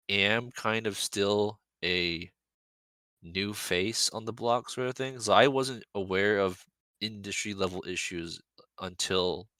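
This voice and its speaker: A man's voice: sits low, pushed and bright, no echo. A man as an interview guest, speaking candidly and rambling, with fillers and restarts. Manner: candid, rambling, self-deprecating. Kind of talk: casual interview.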